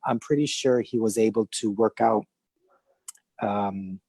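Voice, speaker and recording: Guest, male, Canadian, low husky voice with a stutter, dry close sound. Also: unhurried, dark tone, dry recording. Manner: stutters, with many fillers and restarts; laughs easily. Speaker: podcast guest, illustrator. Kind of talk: casual conversation.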